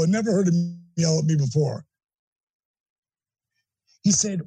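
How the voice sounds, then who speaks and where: Husky high-voiced older man telling stories. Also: moderate pace, pauses often, dry recording, poor audio. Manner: animated, acts out quoted voices. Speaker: interview guest. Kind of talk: storytelling in an interview.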